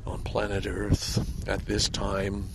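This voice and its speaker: A man's voice: fairly low pitch, monotone, slow pace, heavy background noise. A man delivering a rambling, heated monologue outdoors by a lake. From Canada. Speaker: vlogger.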